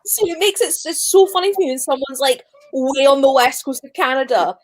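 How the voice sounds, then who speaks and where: A woman's voice: sits high, fairly quick. A woman chatting casually with friends about books, telling stories and laughing often. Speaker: book club guest. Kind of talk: casual chat among friends.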